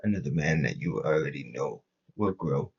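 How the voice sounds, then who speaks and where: A man voicing a cold entity that speaks through a young man in a flat monotone. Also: rumbling low, moderate pace, gravelly, husky, lo-fi sound, voice pushed down, heavily acted. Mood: flat, cryptic.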